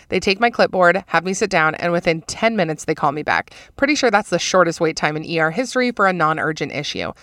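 A young woman tells a story on her podcast in a loose, chatty way, peppering it with "like" and laughing as she goes. Her voice sits low for a woman. The recording is dry, with no room sound. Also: brisk, dry recording. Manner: chatty and animated, laughing often, lots of "like". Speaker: podcast host. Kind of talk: casual storytelling, reading a listener story.

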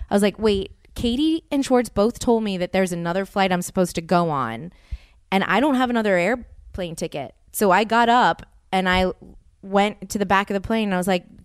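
A woman from the United States tells a story on a podcast with a smooth, resonant voice recorded close and dry. She swears freely and slips into the voices of the people she quotes. Her pitch sits in the middle. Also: moderate pace, no echo. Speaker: podcast co-host telling a travel story. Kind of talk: casual chat.

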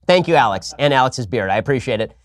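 A man's voice: medium pitch, expressive, fast talker, no room sound. A man hosting a show, answering listener questions in a casual, wry monologue full of restarts. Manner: talkative, frequent restarts, wry. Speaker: podcast host.

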